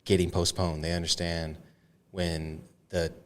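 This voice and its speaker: A man's voice: low-pitched, little pitch movement, unhurried, slight background noise. A man hosting a podcast, asking questions in an easygoing way and laughing often. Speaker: podcast host. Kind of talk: casual podcast interview.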